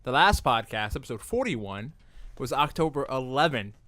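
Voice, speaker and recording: A man's voice: medium pitch, very animated, moderate pace, a bit bright, no echo. A man hosting a podcast in casual chat, nervous and laughing between lines. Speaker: podcast host.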